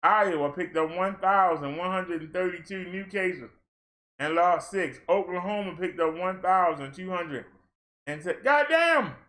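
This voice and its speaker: A man from Maryland hosts a casual livestream, running through a long list of numbers. His voice sits high for a man, and he keeps breaking the routine with playful asides and exclamations. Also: steady tone, measured pace, a bit bright. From Maryland, USA. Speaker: fitness streamer. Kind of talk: casual livestream rundown of daily figures.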